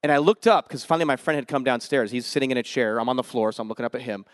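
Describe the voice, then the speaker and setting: A man preaching a sermon, telling his conversion story with animated emotion, casual slang and sudden swings from loud to hushed. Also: medium pitch, rapid-fire, no echo. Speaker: pastor. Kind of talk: sermon with personal testimony.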